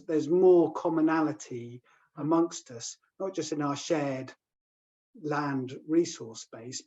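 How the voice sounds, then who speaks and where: A speaker at a middle pitch, thoughtful and hesitant, stops and restarts while searching for words. The call audio is dull and lo-fi. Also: mellow. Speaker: panel guest from an off-grid community. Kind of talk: online panel talk. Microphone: video call.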